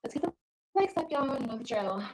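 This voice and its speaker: A woman's voice: fairly high pitch, expressive, a little fast, slight background noise, rough recording. A woman vlogging casually from home, chatting to viewers and answering comments. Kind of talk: casual chat.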